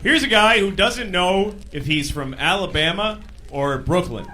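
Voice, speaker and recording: A man doing a stand-up comedy routine on a club stage, animated and sometimes shouting. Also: high-pitched, measured pace. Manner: animated, bursts into shouted impressions. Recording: live club with crowd laughter and noise. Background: audience laughing.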